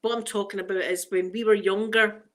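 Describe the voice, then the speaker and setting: A woman's voice: medium pitch, fairly even intonation, fairly quick, fairly bright tone. Chatty Scottish woman in her forties. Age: 40s. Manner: chatty, self-mocking, laughs often. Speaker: ASMR creator. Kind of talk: casual ASMR chat.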